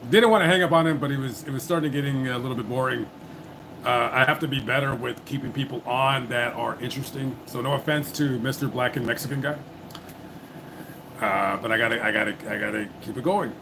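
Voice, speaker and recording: A man's voice: medium pitch, fairly quick, background noise. A man hosting a live call-in stream, talking bluntly and cursing often. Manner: blunt, profane, impatient. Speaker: livestream host taking calls. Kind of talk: casual live call-in chat.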